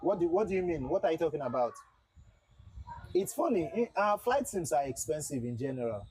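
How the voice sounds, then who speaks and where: A man livestreams a flight simulator and chats with his viewers in a loose, repetitive way. His voice sits a little high and has a husky grain. The sound is close and dry, like a desk mic in a small room. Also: big pitch swings, brisk, a little mellow, no room sound, rough recording. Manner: chatty, repeats himself, talks to chat. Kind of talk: casual livestream commentary.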